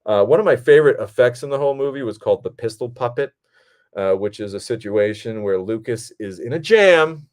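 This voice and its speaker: A man, a film director hosting his own podcast, telling behind-the-scenes stories in a casual, animated and profane way. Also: medium pitch, fairly quick. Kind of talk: casual storytelling.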